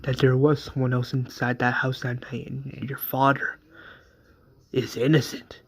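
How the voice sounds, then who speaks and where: A man voicing a male detective and father figure who talks haltingly and repeats himself. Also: mid-range voice, monotone, husky. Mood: apologetic.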